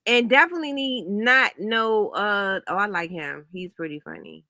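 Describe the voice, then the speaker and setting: A woman co-hosting a casual reaction chat, excitable and laughing, often repeating herself. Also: medium pitch, moderate pace, no room sound, clean studio sound. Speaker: co-host.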